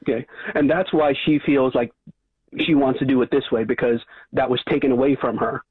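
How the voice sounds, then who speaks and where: A man's voice: mid-range voice, fairly even intonation, fairly quick, slightly rough, no echo. A man calling in to a radio talk show by phone, talking hesitantly with many fillers and restarts. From Long Island. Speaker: caller. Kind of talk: phone-in call. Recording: tinny phone line.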